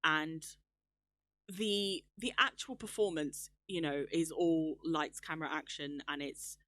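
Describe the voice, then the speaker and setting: A woman's voice: deep voice, takes it slowly, fairly bright tone, no room sound. A young woman co-hosting a casual podcast, chatty and enthusiastic, laughing often. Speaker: podcast co-host. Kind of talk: casual chat.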